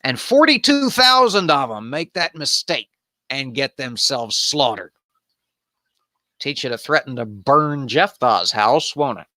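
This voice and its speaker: Brief: man, unhurried and irreverent, lively pitch, bright dry voice. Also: dry recording. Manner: irreverent, wandering asides. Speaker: host of an improvised bible study. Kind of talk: casual reading and commentary.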